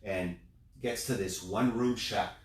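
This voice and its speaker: A man, a business owner, tells a story as the guest in a casual interview, building up in an animated way and then dropping quiet. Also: lowish voice, unhurried. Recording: roomy sound, distant mic.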